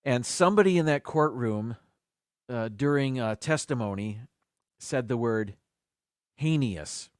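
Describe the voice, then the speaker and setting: Male host, casual and chatty, sounds out each word slowly, dry close sound. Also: mid-range voice, expressive, clean tone, dry recording. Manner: chatty, repeats and sounds out words carefully. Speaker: live stream host. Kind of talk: casual chat on a live stream.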